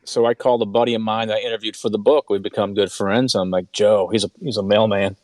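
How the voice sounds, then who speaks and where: A man's voice: lowish voice, fairly even intonation, fast, darkish tone, no echo. A man speaking as an author and interview guest, telling stories earnestly with frequent restarts and repeated words. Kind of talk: conversational interview storytelling.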